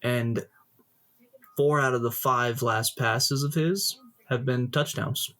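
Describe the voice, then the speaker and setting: A man's voice: mid-range voice, fairly even intonation, slow pace, fairly bright tone. A young man co-hosting a sports podcast, chatting casually and chiming in with stats. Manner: laid-back, chiming in with stats. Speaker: podcast co-host.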